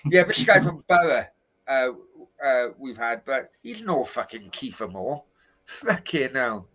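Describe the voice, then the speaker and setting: A man's voice: mid-range voice, big pitch swings, a little slow, noisy background. A man co-hosting a casual football talk show from a hotel room, ranting and swearing about his club's transfers. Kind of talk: casual chat.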